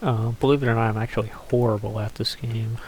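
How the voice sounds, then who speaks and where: A man's voice: on the low side, steady tone, fast talker, darkish tone, a little hiss or hum. A man giving casual, rambling commentary over a game he is playing, swearing offhandedly and using lots of fillers. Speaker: gameplay commentator.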